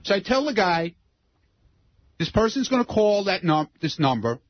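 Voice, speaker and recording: A man on a radio show insisting on explaining his side, talking in a husky, defensive way. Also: high voice, big pitch swings, normal speed, no room sound. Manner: insistent, keeps asking to explain. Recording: dry dull radio sound.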